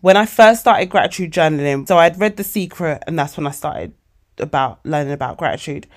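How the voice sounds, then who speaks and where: A woman of forty, hosting a casual motivational podcast monologue, animated and emotional, calling her listeners babes. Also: low voice, brisk. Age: 40s. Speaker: podcast host.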